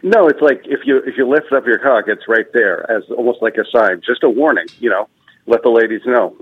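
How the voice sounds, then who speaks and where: A young male comedian telling stories on a podcast with a dry, self-deprecating deadpan. His voice sits at an average pitch. The audio is dull and lo-fi. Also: brisk, a little hiss or hum. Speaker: comedian guest. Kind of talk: casual podcast chat, storytelling. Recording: dull lo-fi sound.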